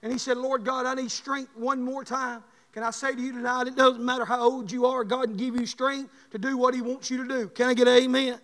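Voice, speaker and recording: A man preaching a sermon, telling folksy stories and rising to loud bursts. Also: very high voice, little pitch movement, fairly quick, few pauses, in a large hall.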